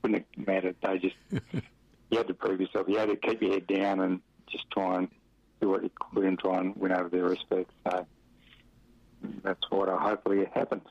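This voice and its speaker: His voice sits low and barely moves in pitch, creaky and husky as he talks briskly. The middle-aged Western Australian is reminiscing about his football career in a loose, rambling interview laced with chuckles and fillers, captured as dry, dull lo-fi radio audio.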